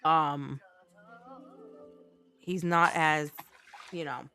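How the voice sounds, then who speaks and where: A woman's voice: low-pitched, fairly even intonation, extremely slow, pushed and bright. Woman streamer, casual live chat, outspoken and profane, faint game music behind. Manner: blunt, ranting, swears freely.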